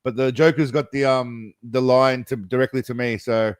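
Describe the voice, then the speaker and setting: A man's voice: mid-range voice, fairly even intonation, moderate pace, clean tone, no room sound. A man hosting a casual livestream chat, rambling with lots of laughter and calling viewers mate and brother. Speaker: livestream host.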